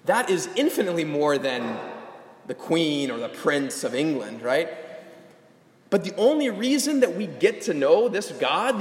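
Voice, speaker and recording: Young guy preaching, lively voice that jumps around, big echoey hall. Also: sits high. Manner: animated preaching, rising to emphatic calls. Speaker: pastor. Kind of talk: sermon.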